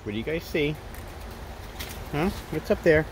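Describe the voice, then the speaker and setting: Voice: mid-range voice, animated, measured pace, heavy background noise. A parrot sanctuary caretaker chatting casually to the birds in an outdoor aviary, with cooing, sing-song baby talk. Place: outdoor aviary under trees.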